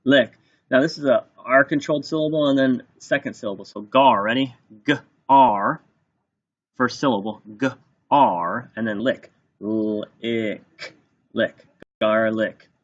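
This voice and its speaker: A male teacher slowly dictating a spelling test, sounding out each word and repeating it for young students. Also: medium pitch, fairly bright tone, slightly rough. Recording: dull lo-fi recording.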